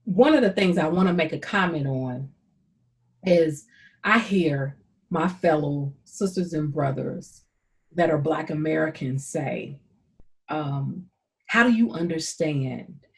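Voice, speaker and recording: Host: St. Louis woman, lower voice, earnest and encouraging, unhurried delivery. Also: vocal fry, a little mellow. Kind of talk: casual conversation.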